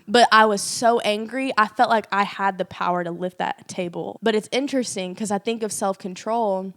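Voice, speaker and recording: A woman's voice: medium pitch, fairly even intonation, a little fast, hardly any pauses, a bit bright. Woman thinking aloud on a podcast. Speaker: podcast co-host. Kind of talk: faith podcast conversation.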